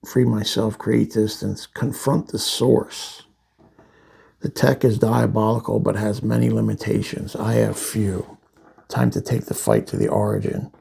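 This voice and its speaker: A man reading out the lines of a determined young woman warrior-witch from a comic, in his own plain, gravelly voice. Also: on the low side, lively intonation, measured pace, mellow, full character voice. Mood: solemn.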